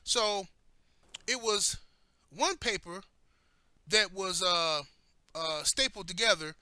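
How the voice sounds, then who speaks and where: A man's voice: sits high, bright, forceful tone, no room sound. A man telling personal stories in a blunt, heated way, cursing heavily as he talks. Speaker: commentator. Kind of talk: profane personal storytelling.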